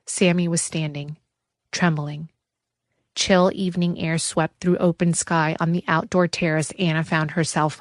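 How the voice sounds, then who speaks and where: A woman narrating an audiobook thriller in a steady, measured way. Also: fairly low pitch, dry recording, studio quality.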